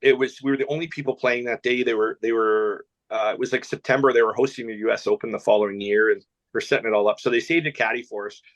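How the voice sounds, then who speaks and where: A man's voice: mid-range voice, fairly even intonation, fast, hardly any pauses. A Canadian man telling rambling anecdotes on a podcast, with many restarts and laughs. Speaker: podcast guest. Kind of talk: casual storytelling chat.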